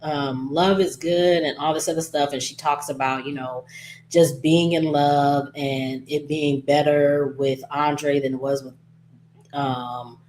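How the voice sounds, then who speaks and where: A woman's voice: sits low, steady tone, a little slow, darkish tone, slight background noise. A woman casually recapping a soap opera episode, chatty and gossipy, acting out lines and laughing as she goes.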